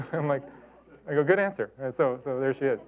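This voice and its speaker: A man's voice: medium pitch, little pitch movement, moderate pace. A middle-aged man from the talking casually about his photographs, rambling with lots of fillers and restarts. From Chicago and Detroit. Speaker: photographer giving a talk. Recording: tinny phone-like sound.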